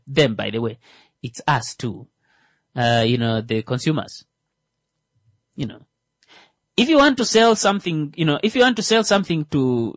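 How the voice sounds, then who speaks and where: A stand-up comedian, a man with a slightly high voice, talks in an animated way full of restarts and fillers. He punches jokes up loudly and then mutters asides. The sound is dry and close. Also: no room sound. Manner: swings between loud rising jokes and muttered asides.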